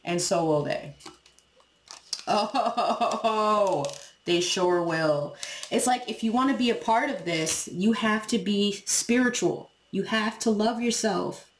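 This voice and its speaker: A woman's voice: mid-range voice, moderate pace, few pauses, roomy sound, slight background noise. A woman giving a casual tarot reading to her viewers, talking frankly, swearing freely and laughing as she acts out what people say. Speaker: tarot reader.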